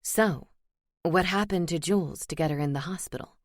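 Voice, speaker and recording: A woman voicing a relaxed, teasing young man who talks low and soft, in a storybook. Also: normal speed, dry recording, studio quality, lightly acted. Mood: curious.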